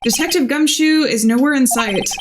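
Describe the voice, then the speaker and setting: A woman's voice: high voice, normal speed, background noise, close to an everyday voice. A woman reading the lines of a wry, earnest young male defense lawyer in her own voice during a game playthrough. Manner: plain reading with dry asides. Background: game music.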